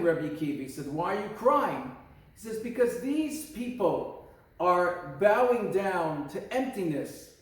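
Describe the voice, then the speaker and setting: A man, a rabbi, teaching a storytelling lesson at an outdoor lookout in an earnest way, slowing down to stress key words. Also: high-pitched. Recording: echoey and distant from the mic.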